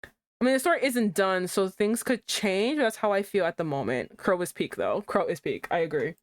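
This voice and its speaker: A young adult woman streamer giving casual commentary on a game she is playing, reacting with animated outbursts. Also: moderate pace, no echo. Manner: animated, swings into high exclaims.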